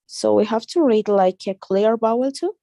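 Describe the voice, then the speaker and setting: A woman taking an English lesson, thinking aloud in a hesitant, halting way as she works through a question. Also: on the high side, lively intonation, dark tone, no room sound. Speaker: English student.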